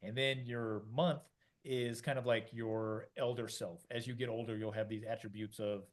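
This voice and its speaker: A middle-aged man talks through ideas in a loose, rambling way, full of fillers and restarts. He slips into little acted-out voices to make his points. His voice sits at an ordinary middle pitch. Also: fairly even intonation, normal speed. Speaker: podcast co-host. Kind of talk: casual conversational explanation.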